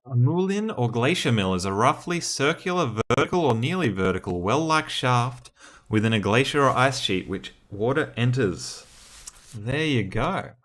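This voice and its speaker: A man's voice: medium pitch, expressive, normal speed, a bit bright. A man hosting a casual livestream, chatty, thinking aloud and laughing often as he plays word games. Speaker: streamer and host.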